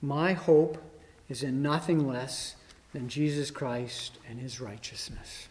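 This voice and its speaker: A man's voice: mid-range voice, slow pace, darkish tone. A man preaching a sermon with rising emphasis, voicing the mockers' words with dramatic force. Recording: long hall reverb.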